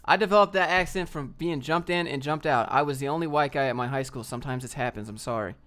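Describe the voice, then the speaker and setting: A man's voice: fairly high pitch, quick pace, a bit bright. A young man hosting a casual livestream, ranting in a brash, slangy way and reading out viewer comments. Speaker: livestream host.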